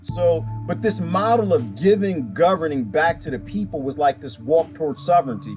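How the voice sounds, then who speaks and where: A man in a casual live-stream chat with a lively, swooping delivery that stays somewhat high for a man. He rambles and hammers his points with repetition. Music plays clearly behind him. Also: normal speed. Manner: rambling, emphatic, repeats himself. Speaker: vlogger reading viewer comments.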